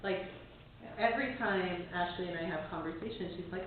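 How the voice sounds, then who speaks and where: A woman's voice: on the low side, brisk. A woman breathwork teacher in a casual group talk, laughing often and quoting conversations. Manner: warm-hearted, laughs often, quotes conversations. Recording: tinny, echoey, from far off with faint hiss.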